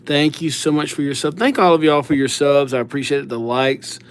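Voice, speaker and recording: A man's voice: on the high side, steady tone, fairly quick, clean tone. A man chatting casually on a live stream, reading out viewers' names as he writes them and thanking subscribers. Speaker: livestreamer writing viewers' names.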